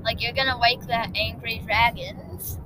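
A woman's voice: a little high, little pitch movement, sharp tone, poor audio. A woman doing a flustered, rambling dragon. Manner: rushed and rambling, restarts. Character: nervous, rambling male dragon. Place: moving car. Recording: road noise from a moving car.

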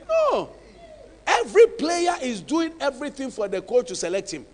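Male pastor; high, animated delivery; emphatic, hushed to shouting. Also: moderate pace, long reverb tail. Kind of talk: sermon.

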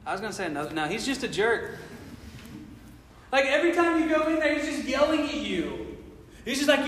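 A man's voice: extremely high pitch, very animated, brisk, long pauses, a bit bright, a little hiss or hum. A man preaching a sermon, full of impassioned rhetorical questions. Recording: echoey hall from far off.

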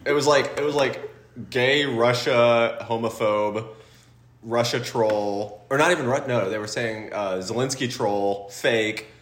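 A man co-hosting a podcast, chatting casually and telling wry stories with quick asides. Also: mid-range voice, a bit bright. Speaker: podcast co-host, social media manager. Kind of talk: casual chat. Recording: roomy.

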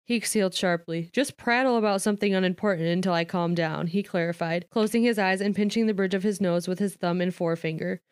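Woman reading a book out loud and chatting about it, smooth clear voice, dry close sound. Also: on the low side, quick pace, hardly any pauses, no room sound. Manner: reads a novel aloud, breaking off to paraphrase with lots of "like"; laughs often. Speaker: reader and commentator. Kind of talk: casual read-aloud with chat.

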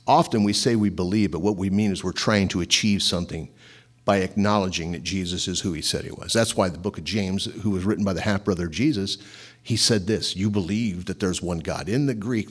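A middle-aged pastor preaching in a lively, conversational way, asking his listeners rhetorical questions. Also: sits low, brisk, breathy edge. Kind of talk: sermon.

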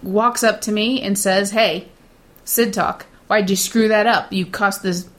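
A woman's voice: mid-range voice, steady tone, unhurried. A middle-aged woman, a shift supervisor, chatting casually in a blunt, self-assured way and mocking others with put-on voices when she quotes them. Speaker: data center shift supervisor. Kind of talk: casual chat.

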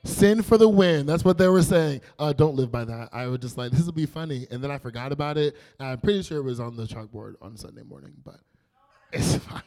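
A young man giving a casual, animated youth sermon, telling stories and acting out quotes. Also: mid-range voice, fairly quick. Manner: animated, playful storytelling with acted quotes. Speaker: youth pastor.

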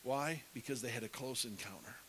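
A man's voice: medium pitch, a little fast, fairly bright tone, rough recording. A middle-aged man preaching, telling a story with animation and dropping to a whisper to act out scenes. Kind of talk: sermon storytelling. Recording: faint hiss.

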